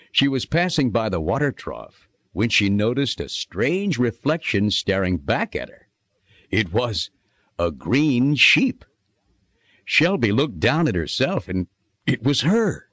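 A man narrating a children's storybook in an expressive, sing-song reading manner. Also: fairly low pitch, no echo.

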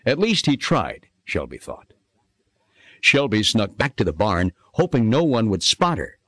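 Expressive man reading a children's story. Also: fairly low pitch, unhurried, no echo. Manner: expressive, sing-song storytelling. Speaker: narrator.

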